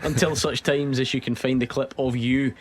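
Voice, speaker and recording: A man's voice: medium pitch, fairly even intonation, a little hiss or hum. Teasing man hosting radio. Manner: chatty, teasing, quick laughs. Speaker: radio show host. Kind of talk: casual sports radio chat. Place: radio studio.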